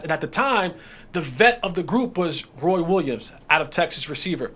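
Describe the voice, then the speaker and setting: Male podcast host, fairly high voice, relaxed casual chat, quick asides. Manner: laid-back, quick asides, laughs along. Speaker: podcast host, former NFL player.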